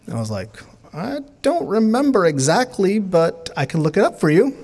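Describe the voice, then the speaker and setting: A middle-aged man, born in Bangladesh and raised in New York City, whose first language is not English, tells a personal story in a casual, animated way and acts out the dialogue. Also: high-pitched, moderate pace. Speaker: artist telling a personal story.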